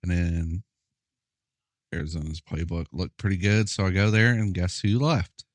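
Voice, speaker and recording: A man's voice: deep voice, fairly even intonation, normal speed, dry recording. A young man chatting casually while playing a football video game, laid-back, profane and often laughing. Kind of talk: casual gameplay chat.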